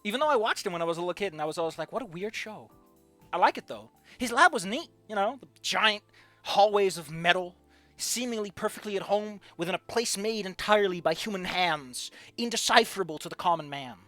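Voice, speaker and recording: Speaking fast and animatedly in a mid-range voice with no echo, a streamer who learned English later in life chats and jokes at their own expense over a game. Faint music plays behind, and they swing between loud outbursts and mumbles.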